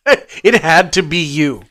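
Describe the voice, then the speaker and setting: A man's voice: on the high side, lively intonation, bright, forceful tone. A man co-hosting a podcast in casual chat, chiming in with easygoing remarks. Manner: easygoing, chimes in with quick remarks. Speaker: podcast co-host.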